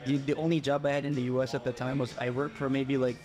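A young man from the Philippines, a podcast guest telling a personal story in a casual, animated way and acting out the voices of people he quotes. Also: medium pitch, fast talker, soft background music.

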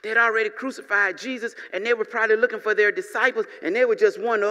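A man preaching a sermon as pastor, lively and humorous, tossing asides to the congregation. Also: high voice, fast, hardly any pauses, in a large hall.

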